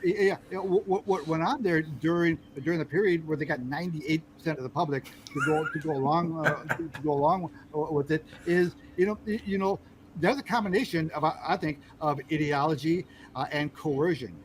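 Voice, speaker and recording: A man hosting a podcast in casual talk, speaking haltingly with frequent repeated words and restarts. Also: on the high side, slight background noise, low-quality recording. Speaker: podcast host.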